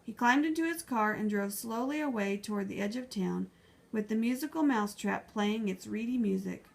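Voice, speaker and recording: A woman narrating a children's book in a lively, expressive storytelling manner. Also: medium pitch, moderate pace, creaky. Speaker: audiobook reader.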